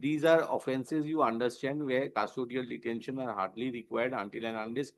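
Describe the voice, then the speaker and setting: Indian judge guy in court, quick talker, stern, grills the lawyer then dictates slow with lots of uhs. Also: medium pitch, poor audio. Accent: Indian English. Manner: stern, probing questions, slow dictation with fillers. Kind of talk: courtroom hearing, questioning and dictating an order.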